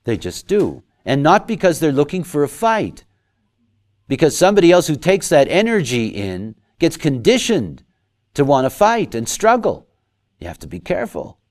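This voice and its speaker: A man giving a lecture, talking in an animated way and acting out quoted voices. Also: fairly high pitch, normal speed. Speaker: lecturer on human design.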